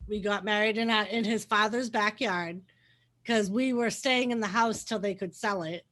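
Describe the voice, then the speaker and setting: A woman's voice: mid-range voice, normal speed, fairly bright tone. A woman chatting casually on a livestream, laughing often and acting out quoted lines as she tells a story.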